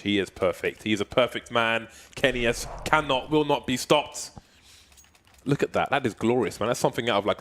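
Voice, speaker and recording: A man's voice: lowish voice, fairly bright tone, slight background noise. A man giving live esports color commentary, playful and joking, stretching out words for emphasis.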